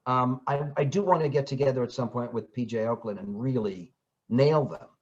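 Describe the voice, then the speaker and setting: A man's voice: mid-range voice, a little fast, breathy edge. An older man from Brooklyn, an actor and audiobook narrator chatting in an interview, telling stories with many restarts. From Brooklyn, New York. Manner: animated storyteller, restarts and fillers, slips into voices. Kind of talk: casual interview chat. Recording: slightly dull lo-fi audio.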